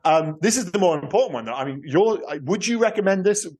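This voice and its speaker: Man, Welsh accent, Cardiff, podcast co-host, casual chat, rambling, self-interrupting, sweary, slightly high pitch. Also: lively intonation, fast talker, a little mellow, breathy edge. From Cardiff, Wales.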